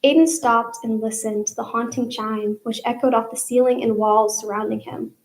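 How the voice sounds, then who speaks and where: A woman's voice: on the high side, steady tone, moderate pace, darkish tone, rough recording. A young woman, a student, reading her own fiction aloud live and polling listeners by show of hands. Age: young adult. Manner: storytelling narration, polling the audience by raised hands. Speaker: student reader.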